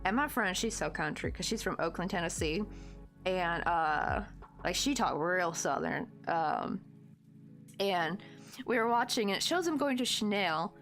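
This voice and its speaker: A woman's voice: on the low side, lively intonation, unhurried, a bit bright, soft background music. A woman from the United States hosting a crochet livestream, chatting in a rambling, laughing way and reading viewer comments aloud.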